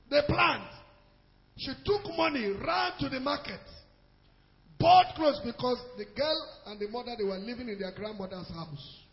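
High-voiced Nigerian pastor preaching. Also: male voice, expressive, moderate pace, vocal fry, big-room sound, dull audio. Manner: storytelling, swings between hushed asides and shouted exhortation. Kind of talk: sermon. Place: church.

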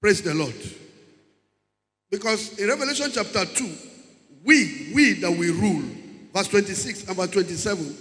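Emphatic male preacher, bright tone, long hall reverb. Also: sits high, lively intonation, moderate pace, pauses often. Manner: emphatic, repeats key words, calls out to the congregation. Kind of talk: sermon.

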